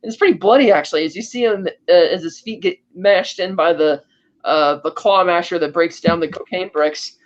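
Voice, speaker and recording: A high-pitched man tells a film's story like he's chatting with a friend. He breaks into short character voices along the way. The recording sounds a bit dull and lo-fi. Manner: animated storytelling with quick voiced asides. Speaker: podcast co-host. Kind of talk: casual film recap.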